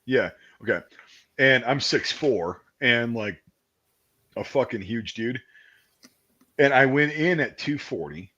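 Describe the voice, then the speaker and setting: A man in his thirties hosting a casual chat, telling army stories with lots of swearing and laughter, and acting out shouted quotes. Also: medium pitch, animated, takes it slowly, long pauses. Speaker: podcast host. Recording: dull lo-fi stream audio.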